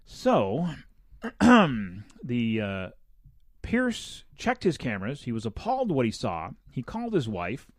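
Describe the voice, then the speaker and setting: A man's voice: mid-range voice, takes it slowly, dry recording, studio quality. A man co-hosting a casual podcast, reading odd news stories and joking about them with frequent laughs. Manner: animated, laughs often, jokey asides. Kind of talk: casual chat.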